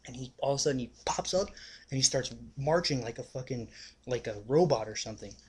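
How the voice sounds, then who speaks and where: A young man spinning a rambling story in a plain, mid-pitched voice. He swears freely and fills every gap with "like" and "you know", talking the way he would to friends. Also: expressive, a little fast, slight background noise. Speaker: vlogger. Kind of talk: casual storytelling.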